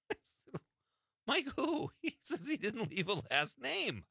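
A man's voice: sits high, a little slow, vocal fry, breathy edge, no room sound, studio quality. A middle-aged man hosting a talk radio show, telling a story with frequent laughs. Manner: animated, laughing anecdotes.

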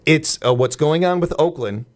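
Midwest-raised man co-hosting sports talk; casual, rambling, animated delivery. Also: a little high, moderate pace. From American Midwest. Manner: rambling, animated, many restarts. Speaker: sports podcast co-host.

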